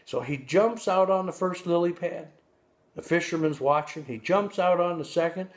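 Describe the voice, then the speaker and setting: A man voicing a boastful old male bass fish who spins a tall tale in a casual, bragging manner. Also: normal speed, lightly acted.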